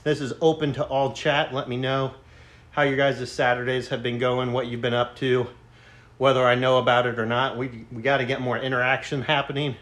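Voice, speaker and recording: A man's voice: medium pitch, flat delivery, fairly quick, fairly bright tone. A man live-streaming from a gym, a bit out of breath from lifting. He talks loosely and jokes with viewers, reading their comments aloud. The sound comes from a camera mic. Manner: chatty, joking, reads out chat. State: out of breath between sets. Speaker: fitness streamer. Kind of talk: casual live-stream chat during a workout.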